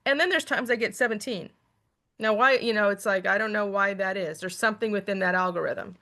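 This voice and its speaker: A woman's voice: mid-range voice, brisk, sharp tone. A middle-aged woman guest telling a story in casual talk, acting out her own thoughts as quotes. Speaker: guest, activist.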